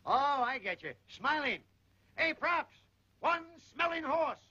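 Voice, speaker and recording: A man's voice: high voice, expressive, background noise. An actor playing an eager assistant on a film set who keeps correcting his boss. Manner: helpful, quick corrections. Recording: dull old film soundtrack with music.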